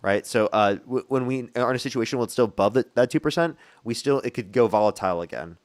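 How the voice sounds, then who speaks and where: A young man with a medium-pitched voice speaks quickly while hosting a live political debate stream. He is combative and profane, arguing with guests and rattling off thanks to donors in a mix of heated debate and donation shout-outs.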